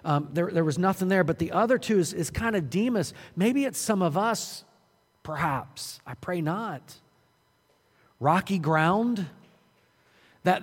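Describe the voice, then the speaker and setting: Male pastor, fairly high voice, preaching with earnest, urgent swings in volume; long hall reverb. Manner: earnest preaching, rising to loud urgent emphasis and dropping to quiet. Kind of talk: sermon.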